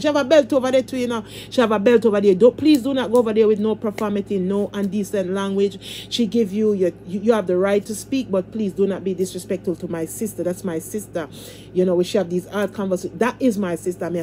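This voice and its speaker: A woman's voice: on the low side, mellow, slight background noise. A woman hosting a casual livestream, talking in a fervent, repetitive, preacher-like way and pleading with her viewers. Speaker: livestream host.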